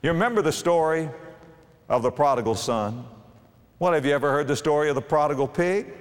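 A man in his fifties preaching a sermon, telling a homespun parable with lively, acted-out character voices. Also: a little high, fast. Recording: long hall reverb.

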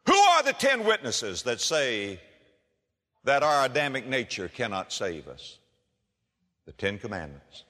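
A man's voice: medium pitch, wildly swooping pitch, unhurried, long pauses, sharp tone. A man preaching a sermon in a folksy storytelling manner, with humor, addressing listeners as friends. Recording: reverberant hall.

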